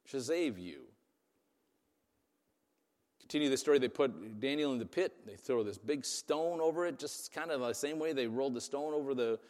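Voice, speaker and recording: Man preaching in a reverberant hall. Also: medium pitch. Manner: conversational, asks "right?" often. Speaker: pastor. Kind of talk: sermon.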